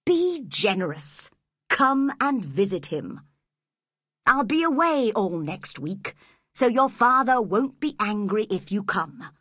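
A woman's voice: mid-range voice, sing-song, slow, fairly bright tone, dry recording, studio quality, full character voice. A woman voicing a scheming grown man who coaxes and insists in a storybook reading. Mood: coaxing.

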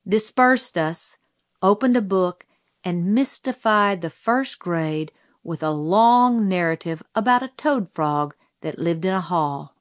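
A woman reading a novel aloud in measured storytelling narration, lightly voicing the characters. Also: medium pitch, lively intonation, dry recording, studio quality. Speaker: audiobook narrator.

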